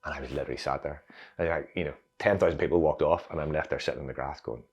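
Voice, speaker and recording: A Northern Irish man, an interview guest, telling a personal story in a reflective, animated way with many fillers. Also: rumbling low, racing, vocal fry, husky. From Northern Ireland.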